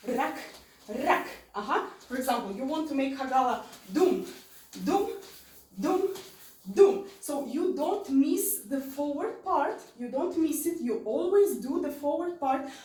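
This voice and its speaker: A woman's voice: sits high, animated, moderate pace, darkish tone. A woman teaching an online dance lesson, counting beats aloud and repeating her cues. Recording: roomy sound from far off.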